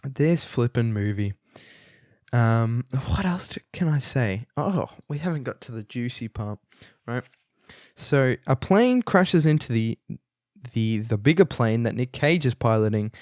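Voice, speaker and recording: Young male host, casual rambling film review, mid pitch, dry close sound, lots of ums and restarts. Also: expressive, unhurried, darkish tone, no echo. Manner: chatty, many fillers and restarts, amused.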